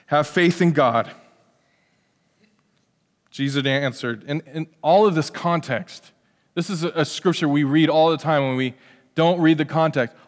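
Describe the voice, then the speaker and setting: A man preaching a lively sermon from the pulpit, his voice sitting high for a man. He drops into hushed asides, then climbs to loud, emphatic peaks. The sound carries a long reverb from the church hall around him. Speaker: pastor. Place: church sanctuary.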